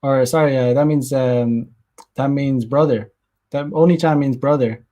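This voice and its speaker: A man's voice: medium pitch, fairly even intonation, unhurried, dark tone. A young man hosting a casual livestream, rambling crudely with many fillers and frequent laughs while reading chat messages. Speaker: streamer host reading chat.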